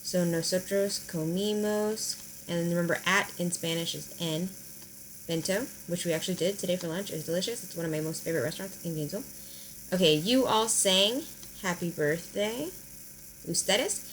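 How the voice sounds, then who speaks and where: Woman, friendly teacher delivering a recorded classroom lesson; lower register, slight background noise. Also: a bit bright, rough recording. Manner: friendly, explanatory, slows down to spell out verb endings. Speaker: high school Spanish teacher. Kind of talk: recorded video lesson at a whiteboard.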